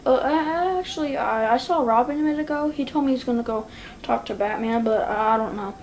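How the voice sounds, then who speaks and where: A woman voicing a hesitant adult male butler in a homemade toy stop-motion video, halting and tripping over his words. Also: fairly high pitch, darkish tone, slight background noise, lightly acted. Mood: unsure.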